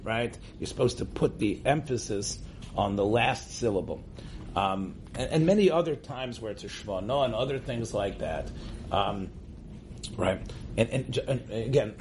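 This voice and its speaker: Slightly mellow and mid-range, the voice of this U.S. rabbi moves at normal speed over a little hiss or hum as he teaches a room of listeners. The religious lecture is informal and loose, with frequent restarts and points capped by "right?".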